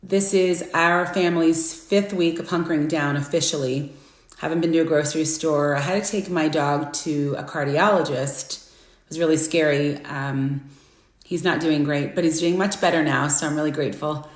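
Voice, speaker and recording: A middle-aged woman hosting a casual live stream, chatty and friendly, greeting viewers by name with bursts of excitement. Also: low voice, normal speed. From Florida. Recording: echoey room.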